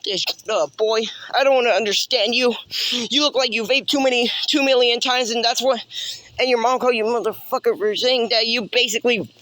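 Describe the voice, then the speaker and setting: A man's voice: very high-pitched, steady tone, a little fast, sharp tone. A man delivering a rambling, profane improvised roast, repeating himself and taunting. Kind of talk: improvised insult rant.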